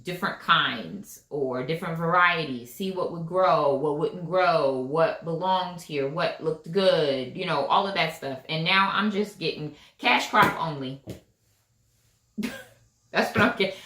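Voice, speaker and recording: A woman's voice: sits low, unhurried, bright, forceful tone. A woman giving a casual tarot reading, chatty and emphatic, repeating her phrases and often checking in with "right?". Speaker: tarot reader. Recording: echoey room.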